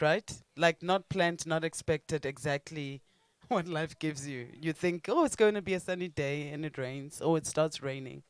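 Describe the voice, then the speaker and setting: A man hosts with an upbeat, chatty manner. His voice is smooth and slightly high. The sound is dry. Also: normal speed, no room sound.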